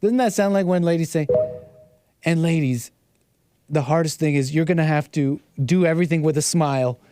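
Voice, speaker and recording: Brief: male stream host, bit high-pitched, rambly and repetitive with mocking asides, dry sound. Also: normal speed, dark tone, clear, resonant tone, no echo. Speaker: livestream host. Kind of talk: reacting to videos on a livestream.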